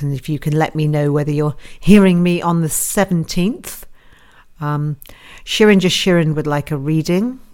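A chatty woman with a notably low voice hosts a live internet radio show. She talks casually and rambles a little, slipping in self-deprecating asides as she greets listeners. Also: darkish tone. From United Kingdom. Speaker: radio host and psychic advisor.

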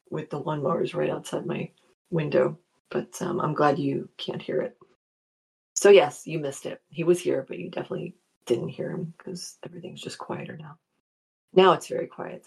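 Woman host w a low gravelly kinda husky voice, chatty live show, says hi to listeners by name. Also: darkish tone. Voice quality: gravelly morning voice. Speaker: radio show host and spiritual psychology practitioner. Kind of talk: casual live-show chat reading listener comments.

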